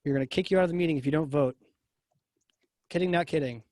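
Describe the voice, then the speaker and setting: A man's voice: fairly high pitch, fast talker, darkish tone, dry recording, clean studio sound. A man hosting a webinar, joking with his guest and running a poll for the audience. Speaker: webinar host.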